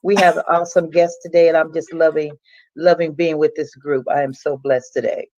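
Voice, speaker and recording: A woman's voice: low-pitched, flat delivery, brisk, mellow, no room sound, dull audio. A woman pastor from Los Angeles, co-hosting, enthusiastically welcoming viewers and saying she is blessed. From Los Angeles, California. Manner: enthusiastic, speaks of being blessed. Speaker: pastor and co-host. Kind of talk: upbeat show welcome.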